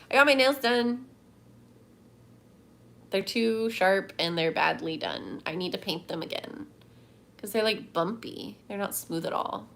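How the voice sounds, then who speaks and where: A woman's voice: mid-range voice, vocal fry, fairly bright tone, a little hiss or hum. Chatty woman rambling on a livestream. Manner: chatty, rambling, reads chat aloud. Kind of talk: casual livestream chat.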